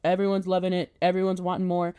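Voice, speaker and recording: A woman's voice: lowish voice, monotone, fast talker, mellow, smooth, no echo. A woman giving a casual, chatty plot recap as a video essayist, talking in a loose conversational way.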